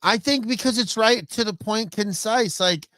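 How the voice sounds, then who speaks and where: A man's voice: high voice, moderate pace, pushed and bright, dry recording, studio quality. A man co-hosting a podcast, telling crude stories bluntly in casual profane chat. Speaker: podcast co-host.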